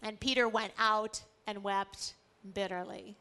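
A woman teaching a Bible study in a lively way, acting out the stories she tells. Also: mid-range voice, unhurried, smooth. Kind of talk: animated scripture teaching.

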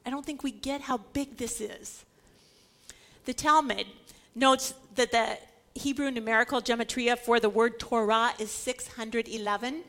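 A woman's voice: on the high side, fairly even intonation, unhurried, a bit bright. A woman giving an emphatic Bible teaching, repeating words for stress and acting out the voices she quotes.

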